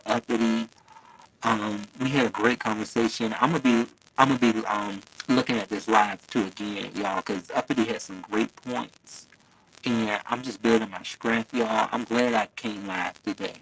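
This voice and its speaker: This livestream host has a fairly low, slightly bright voice, captured roughly with a bit of hiss or hum. Talking directly to his viewers on a phone mic that starts out too close, he stays chatty, affectionate, and quick to laugh.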